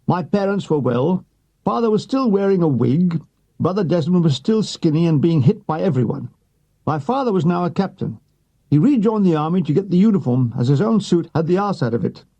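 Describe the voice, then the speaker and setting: A man's voice: fairly high pitch, expressive, brisk, mellow, highs cut off. A man reading a wartime memoir aloud, with a dry comic delivery that gives the other characters their own voices. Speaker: audiobook reader.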